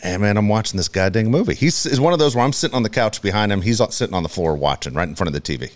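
A man's voice: lowish voice, expressive, rapid-fire. A middle-aged man, a radio host, telling a rambling, self-mocking story in casual chat, swearing freely.

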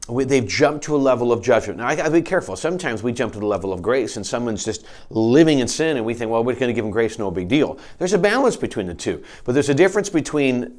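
A man's voice: fast talker, few pauses. A man preaching a sermon, earnestly explaining scripture, reading verses aloud and often restarting his phrases. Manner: earnest teaching with quoted scripture and frequent restarts; animated delivery with rises and drops in pitch and volume. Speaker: pastor.

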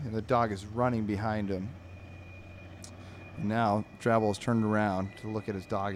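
A man hosting a comedy podcast, reading comic strips aloud in an animated way, laughing often and slipping into squeaky character voices. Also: moderate pace, slight background noise.

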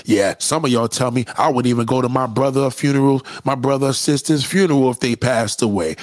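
A man's voice: medium pitch, animated, brisk, few pauses, no echo, studio quality. A man delivering a profane, preachy rant straight at his audience. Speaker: commentator. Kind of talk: impassioned monologue rant.

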